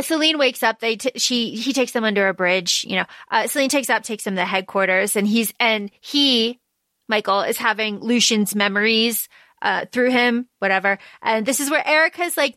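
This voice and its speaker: A young woman co-hosts a film podcast, her voice high and bright. She recaps scenes casually and acts out the characters' lines with a swear here and there. The sound is dry and close. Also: no room sound. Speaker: podcast co-host.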